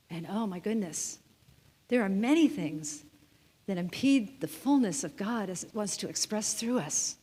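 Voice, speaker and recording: A woman's voice: mid-range voice, animated, moderate pace, darkish tone. A woman minister giving a playful, chatty sermon, often asking her congregation questions and laughing. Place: church sanctuary. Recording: long reverb of a hall.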